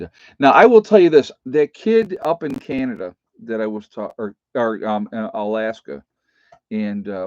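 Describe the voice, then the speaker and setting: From a rural home, a middle-aged livestream host keeps up a rambling, folksy, filler-heavy casual chat. His voice is fairly low with a dark tone, there's no echo, and the stream audio is dull and lo-fi.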